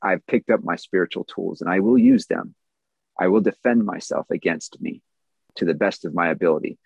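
A man's voice: low-pitched, moderate pace, creaky, breathy edge, no echo, poor audio. A man in his thirties giving an earnest, candid personal testimony at a recovery meeting, answering questions with small self-deprecating laughs.

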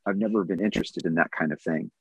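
Husky earnest man sharing his recovery. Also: deep voice, quick pace, a bit bright, dry recording, low-quality recording. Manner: earnest, candid, with small self-deprecating laughs. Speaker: recovery meeting speaker. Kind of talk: personal testimony answering questions.

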